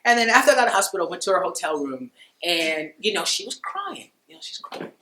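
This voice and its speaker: A man with a bright, forceful voice, heard in an echoey room, tells a personal story to a dinner audience. His delivery is conversational and loose, full of "you know" and quick laughs. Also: high voice, big pitch swings. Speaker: speaker at a dinner talk.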